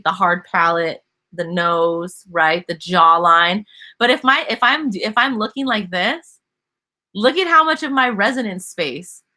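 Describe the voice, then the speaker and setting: Bright-voiced upbeat woman singing teacher. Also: medium pitch. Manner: upbeat, laughs often, sings demonstration notes. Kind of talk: live online singing class.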